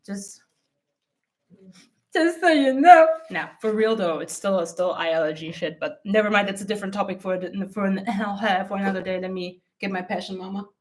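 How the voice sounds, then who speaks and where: A mindset coach hosts her own channel, talking casually to camera in a blunt, profane manner and laughing often, her eyes teary from an allergy. Her voice is medium-pitched and a little mellow, at a normal speed.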